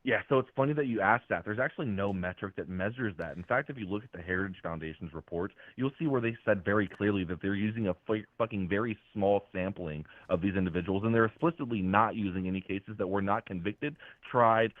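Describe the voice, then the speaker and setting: A man's voice: on the low side, fast talker, hardly any pauses, no echo. A young man calling into a live show, arguing angrily and swearing as he insists on finishing his point. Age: young adult. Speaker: caller. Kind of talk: heated call-in argument. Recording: tinny phone line.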